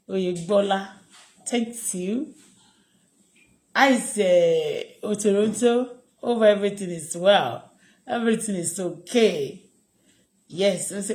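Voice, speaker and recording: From her home in Canada, a woman with a Nigerian Yoruba accent chats casually on a live stream, switching between English and Yoruba with chuckling asides. Her mid-range voice has a darkish tone, and the audio quality is poor.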